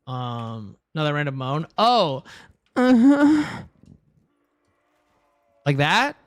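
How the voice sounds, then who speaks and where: A man's voice: fairly high pitch, lively intonation, measured pace, a bit bright, no room sound. A young man streaming a game from home, chatting crudely and joking, saying dude a lot, close on a headset mic. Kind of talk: casual livestream chat while gaming. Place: home room.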